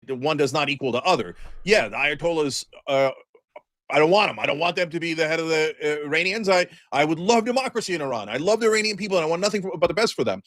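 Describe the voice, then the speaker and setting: A man with a notably high voice rattles off heated political commentary at a rapid clip, sarcastic and emphatic as he rants. The recording is dry and close, with no room sound. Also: expressive, a bit bright, no room sound.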